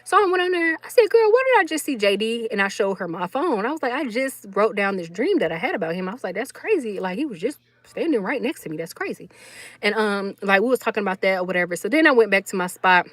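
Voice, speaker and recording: A young woman, chatting casually to her viewers and telling an animated story with quick laughs. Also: mid-range voice, dry recording. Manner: animated, laughs often, acts out quotes. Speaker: vlogger.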